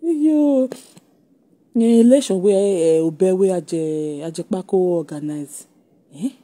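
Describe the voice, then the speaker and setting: A woman speaking Nigerian Pidgin English, giving a mocking, animated gossip commentary for her online audience, laughing often. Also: fairly low pitch, slow pace.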